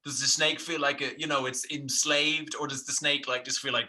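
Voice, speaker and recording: A man's voice: medium pitch, little pitch movement, moderate pace, pushed and bright. A man co-hosting a podcast, riffing in a rambling, jokey way on absurd ideas. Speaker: podcast co-host. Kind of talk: casual comedic chat.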